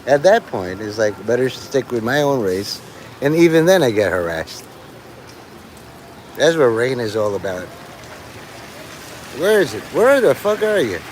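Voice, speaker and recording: Man, middle pitch, meandering and foul-mouthed live streamer talking outside, light rain hiss behind. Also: big pitch swings, a little slow, pauses often, low-quality recording. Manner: profane, meandering, full of fillers. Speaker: livestreamer. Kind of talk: rambling live stream monologue. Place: outdoors in the rain.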